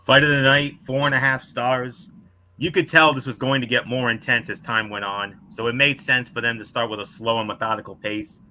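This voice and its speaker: A man co-hosting a wrestling podcast, reading out a scripted match review with star ratings in a measured way. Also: mid-range voice, steady tone, pushed and bright.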